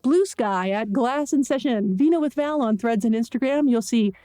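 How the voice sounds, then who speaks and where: A woman's voice: fairly high pitch, normal speed, mellow, no echo, studio quality. A woman from Pittsburgh hosting a solo podcast, talking in a chatty, conversational way with jokey asides. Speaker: podcast host.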